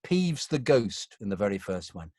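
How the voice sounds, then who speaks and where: A middle-aged man, a voice actor and interview guest, telling stories in an animated, self-deprecating way and acting out voices. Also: fairly low pitch, normal speed, no room sound. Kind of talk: casual interview storytelling.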